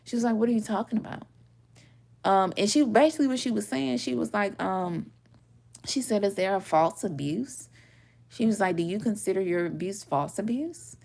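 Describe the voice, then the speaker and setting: Animated, swearing young woman telling stories. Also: mid-range voice, normal speed, vocal fry. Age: 20s. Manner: animated, swearing, laughing often, acts out quotes. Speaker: tarot reader. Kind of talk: casual storytelling chat.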